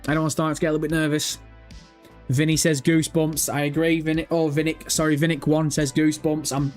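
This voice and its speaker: A slightly high-pitched young man talks to his live chat in a loose, profane, excitable way. He sounds nervous and keeps rambling. Soft music plays underneath. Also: fast. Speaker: livestream host. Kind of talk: casual live-stream chat.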